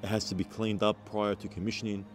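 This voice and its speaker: A man's voice: fairly low pitch, little pitch movement, quick pace, music in the background. Blunt man inspecting a site. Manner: blunt, exasperated, laughing at shoddy work. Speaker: building inspector. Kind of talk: walkthrough site inspection vlog. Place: outdoors on a building site.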